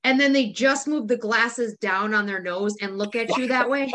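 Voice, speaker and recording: A woman's voice: a little high, normal speed, noisy background. A woman co-hosting a podcast in casual chat, ranting with lots of swearing and frequent laughter. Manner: profane, ranting, laughs often. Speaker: podcast co-host.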